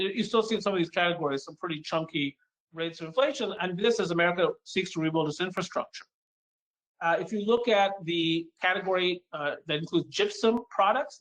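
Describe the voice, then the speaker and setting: A man giving a conference talk as an economist, walking an audience through charts in a lively, emphatic way. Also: sits high, rough recording. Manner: lively and emphatic, acts out audience questions in a mock voice. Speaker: economist giving a keynote forecast.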